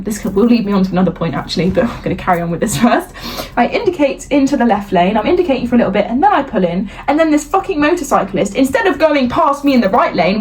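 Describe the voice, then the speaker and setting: Young British woman, podcast co-host, high voice that swings all over while she rants and laughs. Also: a little hiss or hum, poor audio. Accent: British English. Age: young adult. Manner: animated ranting with swearing and laughter. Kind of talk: casual chat.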